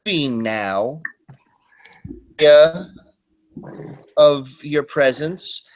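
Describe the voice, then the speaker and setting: A man putting on a slow, stilted, overly formal voice for a movie robot. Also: on the high side, expressive, slight background noise, rough recording. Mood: stiffly polite.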